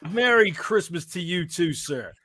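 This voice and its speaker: A man's voice: high voice, lively intonation, unhurried, sharp tone. A man hosting a casual podcast on a video call, teasing his guests in an upbeat emcee style. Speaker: podcast host. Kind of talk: casual chat.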